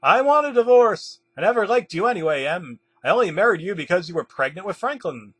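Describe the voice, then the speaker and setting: A man voicing a flamboyant, dramatic male spouse in a high, campy voice. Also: very animated, a little slow, breathy edge, no room sound, exaggerated voice.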